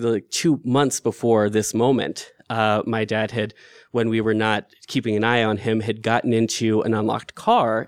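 A man's voice: medium pitch, clear, resonant tone, dry recording, studio quality. A man telling a personal story in a candid, conversational way, with filler words and restarts.

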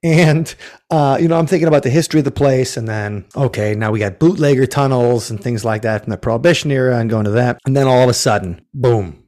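A man who runs ghost tours talks fast in a medium-pitched, slightly mellow voice. In a laid-back interview he tells a story, wandering off, restarting, self-correcting, and playing out people's words.

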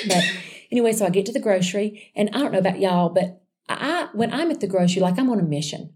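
A woman sharing a personal faith testimony in a chatty, animated storytelling way, calling her listeners y'all. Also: medium pitch, fast talker. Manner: chatty and animated, addressing listeners as y'all, with frequent restarts and asides.

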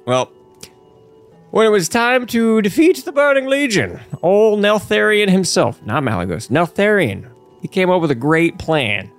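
A man's voice: high voice, sing-song, a little slow, faint music behind. A man hosting a podcast, telling game lore in a goofy, rambling, laughing way. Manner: goofy, rambling storyteller who laughs often. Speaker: podcast host. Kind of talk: casual lore chat.

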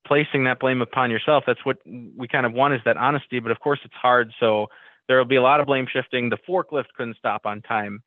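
A man's voice: mid-range voice, steady tone, a little fast, no room sound. A man co-hosting an instructional safety talk, speaking conversationally with many fillers and restarts. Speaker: co-host. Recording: tinny phone-like line.

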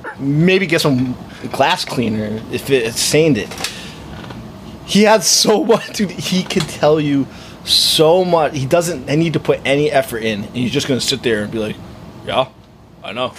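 Laughing, animated man co-hosting a podcast. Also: on the high side, unhurried, slight background noise. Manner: animated, laughing often, swearing. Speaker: podcast co-host. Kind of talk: casual chat.

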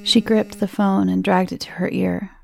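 A woman reading a horror story aloud in a slow, measured narration, with faint music behind her. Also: mid-range voice, flat delivery, creaky, a little mellow. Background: faint background music.

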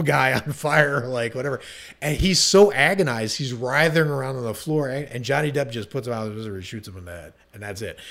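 Enthusiastic rambling male podcast host. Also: medium pitch. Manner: enthusiastic, rambling with fillers and restarts. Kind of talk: casual podcast chat.

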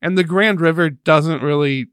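A man co-hosting a podcast in casual chat, easygoing and quick to laugh. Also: a little high, fairly bright tone, clear, resonant tone, no room sound, clean studio sound. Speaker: podcast co-host.

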